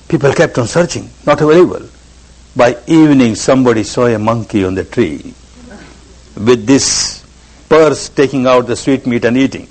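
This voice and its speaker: A man's voice: medium pitch, moderate pace, low-quality recording. A man giving a spiritual discourse as a meditation teacher. He stresses his points by repeating words and phrases.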